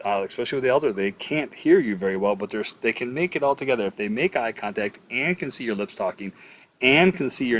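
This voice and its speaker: A man's voice: medium pitch, fairly bright tone. A middle-aged man teaching EMS communication in a casual lecture, full of ums and uhs, with stories from the job. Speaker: EMS instructor.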